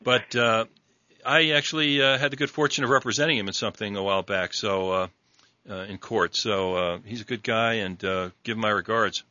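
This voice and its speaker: A New York man hosts a casual radio talk show interview, chatting with a guest in a halting way full of fillers and restarts. His voice is fairly low with fairly even intonation, pushed and bright, though the audio sounds dull.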